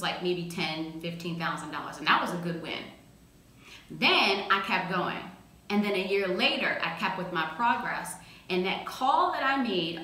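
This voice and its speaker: A woman giving an energetic, emphatic motivational talk in a casual, slangy way. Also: lowish voice. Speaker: motivational speaker. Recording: very echoey room.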